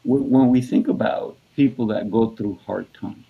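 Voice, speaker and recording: A man co-hosting a conversation, telling a personal story in a halting, casual way with repeated words. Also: lowish voice, creaky, husky, narrow, tinny audio. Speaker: podcast co-host.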